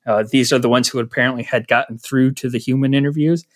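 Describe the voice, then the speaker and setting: A man speaks in a measured, even way in a casual podcast discussion. His phrases carry hedging fillers, and his voice sits at a middling pitch. The recording is dry. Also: no room sound.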